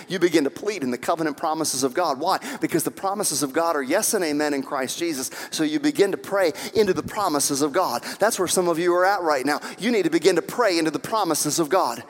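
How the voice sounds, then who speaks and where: A man's voice: fairly high pitch, a little fast, hardly any pauses. A man preaching a sermon as pastor, acting out quoted voices and building to fervent emphasis. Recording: long hall reverb.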